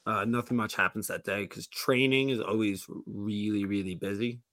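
A podcast co-host with a fairly low, slightly bright voice tells a long story at normal speed. He rambles casually, saying "like" a lot and restarting often, in a dry recording.

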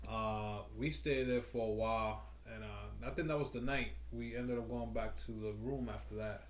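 A man's voice: fairly low pitch, steady tone, normal speed, roomy sound, slight background noise. A man co-hosting a podcast, telling stories in a rambling, laid-back casual chat. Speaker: podcast co-host.

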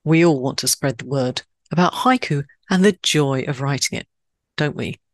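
A woman from Switzerland hosting a poetry podcast in scripted narration, stressing key words with sudden high leaps. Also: normal speed, dry recording, studio quality.

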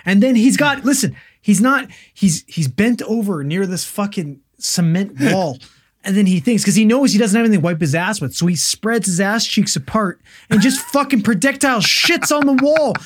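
A man with a husky, breathy voice jumps into a story to tease his friend, mimicking him with whiny voices and heavy emphasis. His delivery is punchy and conversational. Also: high-pitched, animated, moderate pace, few pauses. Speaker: podcast co-host. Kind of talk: comic storytelling among friends.

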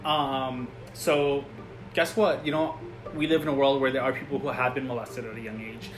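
A man co-hosting a casual podcast, making his point earnestly and hesitantly with many pauses. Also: mid-range voice, fairly even intonation, soft background music, low-quality recording. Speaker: podcast co-host.

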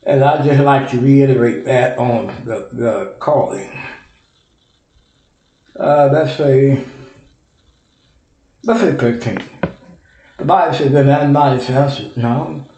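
A man's voice: medium pitch, slow, long pauses, dark tone. A man preaching a sermon, reading scripture aloud and often repeating and correcting himself. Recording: echoey room.

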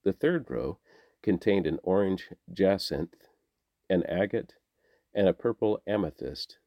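A man giving a scripted scripture reading in a measured, deliberate way. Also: deep voice, expressive, dark tone, dry recording. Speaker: scripture reader.

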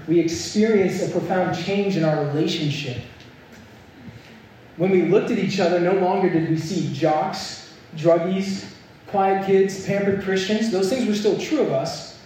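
A man's voice: fairly high pitch, a little mellow, a little hiss or hum. A young man preaching a sermon, telling a story and building to earnest, emphatic points. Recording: echoey hall, mic at a distance.

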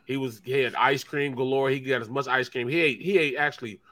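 A man's voice: mid-range voice, a little fast, fairly bright tone, no echo. A middle-aged man co-hosting a casual sports talk show, laid-back and bantering as he defends himself. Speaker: co-host.

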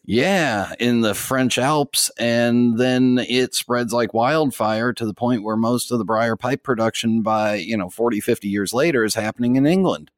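A man's voice: medium pitch, unhurried, hardly any pauses, no room sound, studio quality. A man talking as a pipe tobacco expert on a podcast, rambling with restarts and fillers. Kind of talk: casual podcast chat.

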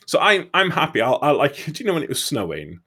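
A man's voice: a little high, wildly swooping pitch, quick pace, bright, forceful tone, breathy edge. A man who drives trucks, chatting casually, rambling with frequent restarts and swearing freely. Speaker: truck driver, podcast co-host. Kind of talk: casual chat.

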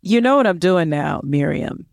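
Teasing woman podcaster, lowish voice. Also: animated, normal speed, vocal fry, dry recording, studio quality. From United States. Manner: teasing, playfully dramatic, swings high in pitch. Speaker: podcast co-host. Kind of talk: casual history podcast chat.

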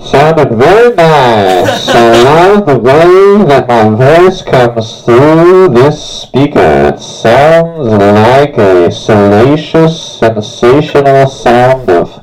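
A man's voice: mid-range voice, sing-song, a little mellow, soft background music, low-quality recording. A man, a podcast guest, chatting casually and playfully testing a microphone. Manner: playful, slow drawl while testing the mic. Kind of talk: casual chat.

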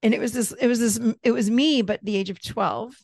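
Gravelly, candid middle-aged woman. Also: a little high, a little fast, no room sound, clean studio sound. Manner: candid, animated, laughs easily, swears freely. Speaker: therapist and coach, podcast guest. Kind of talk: casual storytelling in an interview.

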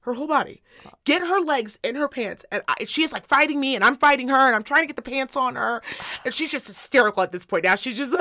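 This middle-aged woman, co-hosting a podcast, talks fairly quickly in a mid-range voice. In casual chat she tells a story full of swearing, animatedly acting out what others said.

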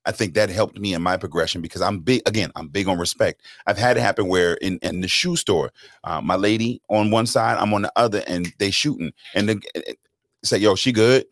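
A man's voice: deep voice, a little fast, vocal fry, dry recording, clean studio sound. A man co-hosting a casual discussion, talking in an emphatic, reflective way. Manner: emphatic, reflective, mimics voices. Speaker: co-host.

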